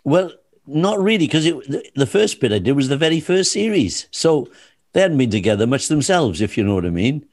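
A man's voice: fairly high pitch, sing-song, a little fast, a little mellow, dry recording. Older male actor, anecdotal, dry close-miked. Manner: chatty storyteller with laughs and restarts. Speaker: interview guest, comedy actor. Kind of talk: anecdotal chat.

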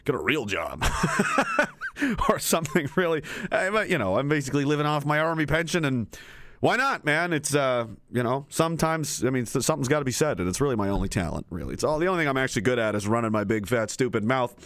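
A man's voice: mid-range voice, huge pitch swings, quick pace, a bit bright, dry recording. A man hosting a livestream show, rambling and swearing freely, laughing often as he reads chat comments aloud. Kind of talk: profane, rambling livestream rant.

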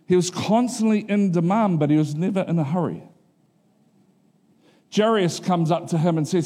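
At a moderate pace with long pauses, a middle-aged pastor preaches in an easygoing, conversational manner. He repeatedly asks the congregation if they're following, and quotes get acted out in a higher, animated voice.

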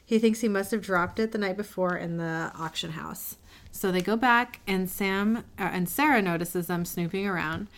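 Laughing woman recapping a show. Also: fairly low pitch. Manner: lively, laughing, quotes characters in quick asides. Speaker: podcast co-host recapping a TV episode. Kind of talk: casual chat, recapping.

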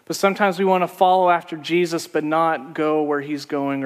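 Pastor guy preaching, kinda high voice, long echo like a big hall. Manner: conversational storytelling preacher. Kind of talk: sermon.

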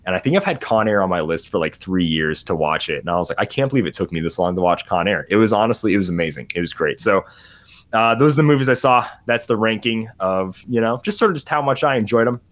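Rambling low-voiced man reviewing movies. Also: animated, fast talker. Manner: rambling, easily sidetracked, laughs often. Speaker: podcast host. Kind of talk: casual movie review chat.

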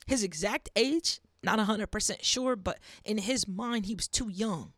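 A woman hosting a faith podcast, preaching earnestly and dropping to a hush for emphasis. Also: mid-range voice, unhurried, hardly any pauses, no room sound, studio quality. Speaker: podcast host. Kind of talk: faith-based podcast monologue.

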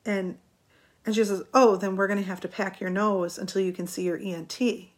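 A middle-aged woman talking to her viewers, recounting a personal story in an animated, chatty way and laughing now and then. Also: mid-range voice, brisk. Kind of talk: casual storytelling.

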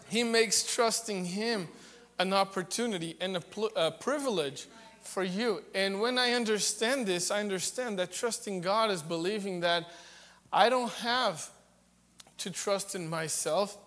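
A man preaching a sermon, conversational and joking, building to loud, emphatic preaching. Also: high voice. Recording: long reverb of a large hall.

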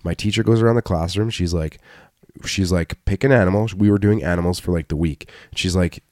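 Man, very deep voice, jokey, profane storyteller, dry studio sound. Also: a little fast, darkish tone, dry recording. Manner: jokey, tells stories with swearing. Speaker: podcast co-host. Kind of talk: casual crude banter.

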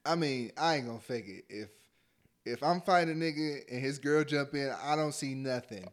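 A man's voice: medium pitch, moderate pace. A man in laid-back casual chat, using profane slang.

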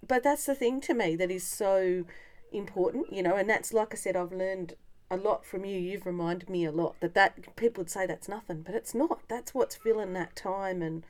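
A woman's voice: mid-range voice, moderate pace. A woman co-hosting a casual conversation, thinking aloud in a reflective way. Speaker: podcast co-host.

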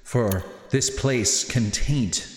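Solemn NPC guardian, male, deliberate pace, voiced by a man running the game. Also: medium pitch, echoey room, long reverb tail, soft background music. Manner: slow, solemn delivery.

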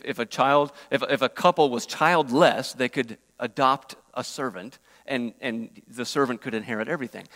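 A man preaching a sermon in earnest, at times dropping his voice very soft for quoted prayers. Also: mid-range voice. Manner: earnest, varies loudness, drops to near-whispers on prayers. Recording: reverberant hall.

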